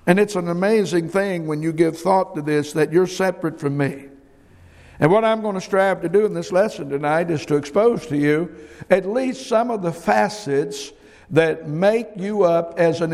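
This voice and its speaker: A man's voice: high-pitched, normal speed, darkish tone. A middle-aged man preaching a sermon, emphatic and folksy, often repeating his words. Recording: long hall reverb.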